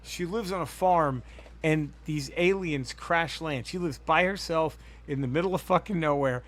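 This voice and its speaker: A man's voice: on the high side, normal speed, a bit bright. A man hosting a podcast in casual chat, rambling and profane as he tells a story. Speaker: podcast host.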